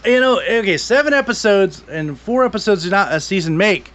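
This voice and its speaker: A man co-hosting a casual podcast, ranting with lots of swearing, swinging from grumbling to shouting. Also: high-pitched, expressive, a little fast. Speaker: podcast co-host. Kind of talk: casual chat. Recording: dull lo-fi podcast audio.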